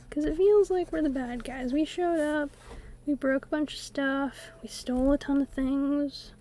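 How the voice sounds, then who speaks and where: A woman's voice: sits high, fairly even intonation, measured pace, warm tone, a little hiss or hum. A woman streaming her art on a desktop USB microphone at home. She chats in a playful, rambling way and hums to herself while she draws. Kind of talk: casual chat while drawing on stream.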